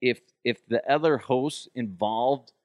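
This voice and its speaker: In a clean, echo-free studio recording, a man of medium pitch hosts a podcast, spinning loose, rambling, profane stories. He darts into put-on voices as the casual chat goes on.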